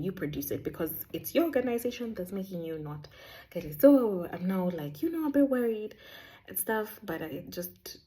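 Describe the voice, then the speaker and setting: A woman, casually telling a faith story in a chatty, animated way. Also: on the low side. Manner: chatty, animated, sprinkles in Swahili words. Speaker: vlogger sharing a faith testimony.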